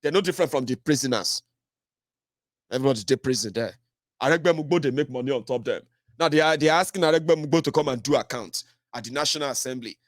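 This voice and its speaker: A man's voice: medium pitch, fast talker, dry recording, studio quality. A middle-aged Nigerian man with a Nigerian accent giving solo political commentary, fiery and mocking, mixing pidgin into his English.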